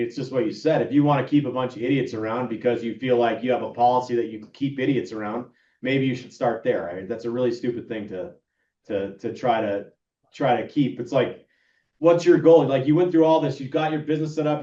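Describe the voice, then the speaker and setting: A man co-hosting a business podcast who lays out advice step by step, with halting restarts. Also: mid-range voice, mellow. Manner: methodical, counts off steps, with halting restarts. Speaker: podcast co-host. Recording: distant, roomy, dull-sounding mic.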